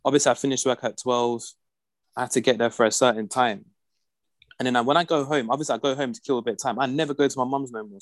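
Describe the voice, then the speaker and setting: A man's voice: mid-range voice, no room sound. A young man telling a rant story in casual chat, full of slang and acting out the people he quotes. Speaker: podcast regular.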